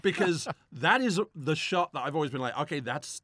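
Lively, joking man with a higher voice. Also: a little hiss or hum. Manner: animated, laughing, quick jokes and mock quotes. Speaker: film commentary co-host. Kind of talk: casual commentary chat.

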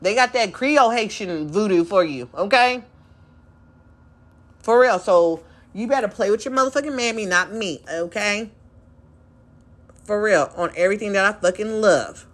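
A woman's voice: mid-range voice, expressive, normal speed, pauses often. A woman hosting a podcast, delivering an angry, profane, confrontational monologue and mocking others in quoted voices. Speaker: podcast host.

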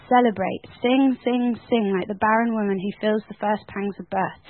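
A woman teaching at a Bible school in an animated, sermon-like way, laughing often and filling her talk with "like". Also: medium pitch, no room sound. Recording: tinny phone-like sound.

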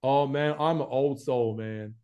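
A man's voice: medium pitch, a little slow, dull audio. A young man from Florida with a mixed American and Australian accent, chatting casually as an interview guest. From United States, Florida. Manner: relaxed, chatty, says "man" and "like" a lot. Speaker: guest, YouTube advertising specialist.

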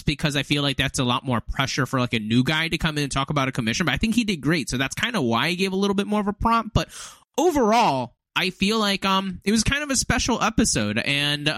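A man's voice: fairly high pitch, sharp tone, no echo. A man hosting a casual podcast chat, rambling with lots of fillers and frequent laughs. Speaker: podcast host and league commissioner.

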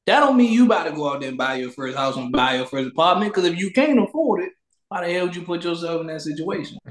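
A man's voice: on the high side, expressive, fast talker, echoey room. A man hosting a casual talk show, speaking loosely and preachily and repeating his catchphrases. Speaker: podcast host. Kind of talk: casual chat.

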